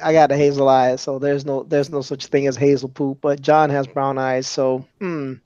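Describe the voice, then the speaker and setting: A man's voice: medium pitch, level tone, moderate pace, darkish tone, clear, resonant tone, dry recording. A man bantering and teasing as a guest on a casual live stream. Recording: dull lo-fi mic.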